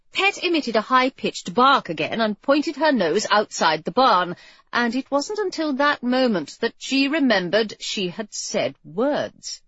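Expressive husky woman narrating a story. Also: on the high side, measured pace, no room sound. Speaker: audiobook narrator. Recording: dull, muffled audio, dry.

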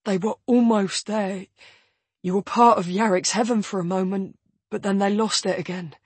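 A woman reading an audiobook, voicing a concerned young man who speaks softly and evenly. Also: mid-range voice, fairly even intonation, moderate pace, slightly rough, no room sound, close to an everyday voice. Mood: soothing. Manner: soft, level delivery.

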